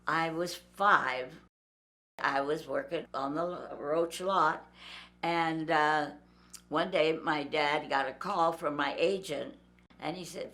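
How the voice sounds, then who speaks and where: An older woman telling a story in a lively way and acting out the voices of the people in it. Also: low voice, takes it slowly. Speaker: interviewee. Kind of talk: storytelling anecdote.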